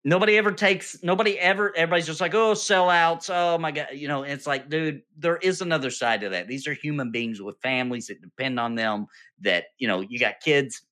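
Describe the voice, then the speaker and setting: A man with a bright, forward voice chatting casually among friends. He tells animated stories and keeps asking "right?" to pull the listeners along. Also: mid-range voice, quick pace, hardly any pauses. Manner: animated storytelling, peppers speech with "right?". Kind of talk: casual chat.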